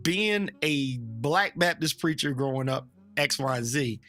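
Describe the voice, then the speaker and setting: A man's voice: medium pitch, animated, pushed and bright, faint music behind. A man who is a Baptist preacher, talking frankly and animatedly as a guest, joking and acting out other people's voices. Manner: frank and joking, drops into slow emphatic phrasing. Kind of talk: casual opinionated chat.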